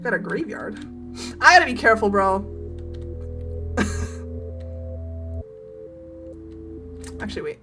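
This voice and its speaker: A young woman streaming a horror game, excitable, laughing often and swearing casually. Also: a little high, slow pace, pauses often, music in the background. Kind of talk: casual gameplay commentary.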